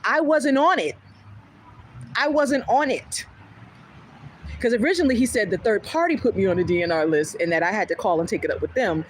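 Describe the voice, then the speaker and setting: A woman's voice: medium pitch, fairly quick, pauses often, a little hiss or hum, poor audio. A woman hosting a livestream, casually telling a story. She acts out the back-and-forth dialogue and laughs often as she talks. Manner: animated, retells events with quoted back-and-forth dialogue; laughs often while talking.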